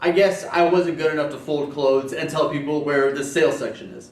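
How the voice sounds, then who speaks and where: A young man of Persian background tells comic stories about bad job interviews in a sarcastic, profane rant, recorded on a distant camcorder mic. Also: medium pitch. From Persian family background. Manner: sarcastic, profane, fast-talking. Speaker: vlogger. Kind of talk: comedic storytelling rant. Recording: roomy, distant camcorder audio.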